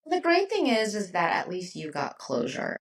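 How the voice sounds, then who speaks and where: A woman's voice: mid-range voice, wildly swooping pitch, moderate pace, recorded from a distance, rough recording. A woman co-host in casual chat, supportive and reflective.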